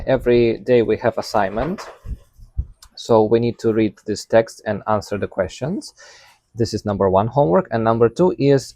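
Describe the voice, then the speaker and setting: A man's voice: mid-range voice, darkish tone, no room sound. Man casually recapping a Tagalog lesson. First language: not Tagalog. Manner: thinks aloud with fillers, repeats words to correct himself. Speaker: language learner vlogger.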